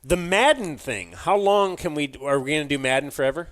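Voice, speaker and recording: A man's voice: fairly high pitch, fairly quick, fairly bright tone. A man co-hosting a podcast, chatting casually about sports in a laid-back, rambling way with lots of fillers. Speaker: podcast co-host. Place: live stream from a club.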